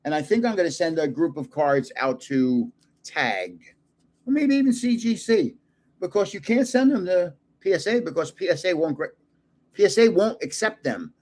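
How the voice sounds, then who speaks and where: Lively, chatty older man. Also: sits high, moderate pace. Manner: rambling, chatty storyteller who laughs at his own jokes. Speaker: card collector channel host. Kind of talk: casual chat while opening cards.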